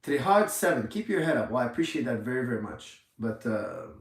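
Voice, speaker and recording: A man's voice: mid-range voice, big pitch swings, a little fast, creaky, distant mic. A man in his forties giving an indignant, emphatic livestream rant from a gym, repeating his points. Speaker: gym owner. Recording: echoey room, off mic.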